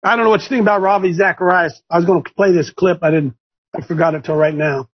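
A man preaching fiercely to his listeners. He repeats short phrases for force and rises into shouts. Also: high-pitched, fairly even intonation, quick pace. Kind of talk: fiery preaching talk. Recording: dull lo-fi recording.

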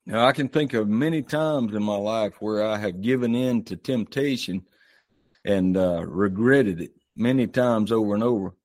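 Low-voiced man sharing his testimony. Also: normal speed, darkish tone, no echo, studio quality. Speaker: caller. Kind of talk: call-in talk.

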